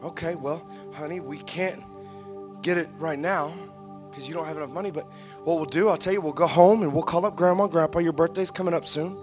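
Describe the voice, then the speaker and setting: Man playing a mother, soft, reassuring, quiet, faint music. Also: on the high side, sing-song, fairly quick, pauses often. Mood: gentle. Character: gentle patient mother.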